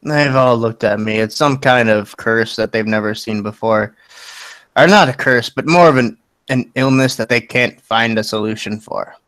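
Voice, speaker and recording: A man's voice: medium pitch, moderate pace, a bit bright, dry recording, lightly acted. A man playing a frail old inventor father. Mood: resigned. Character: frail elderly male dwarf inventor, gruff father.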